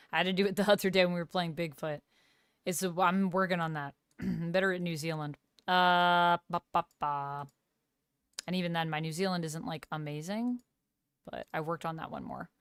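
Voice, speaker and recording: A woman's voice: lowish voice, steady tone, fairly quick, a bit bright, smooth, dry recording, clean studio sound. A woman streamer in casual live-stream chat, upbeat and playful, thanking viewers and reading chat aloud while moving around doing exercises. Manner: upbeat and playful, laughs often.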